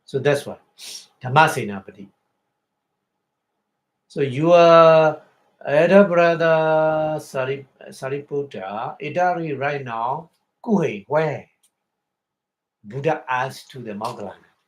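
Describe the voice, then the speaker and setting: A man with a Burmese accent, a Buddhist monk giving a Dharma talk, explaining Pali words slowly with many pauses and repetitions. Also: medium pitch. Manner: slow, halting, repeats and glosses words.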